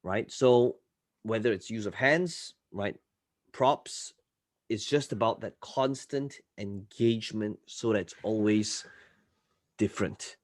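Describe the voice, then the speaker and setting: A man coaching a live online class, often checking in with listeners and swinging between loud and soft delivery. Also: on the low side, slow, dry recording, studio quality. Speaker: marketing coach.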